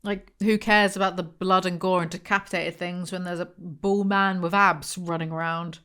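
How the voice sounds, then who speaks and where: A woman's voice: lowish voice, steady tone, moderate pace, pushed and bright, clear, resonant tone. A young woman, reading a novel aloud and breaking off for sarcastic, mocking commentary. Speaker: book reviewer.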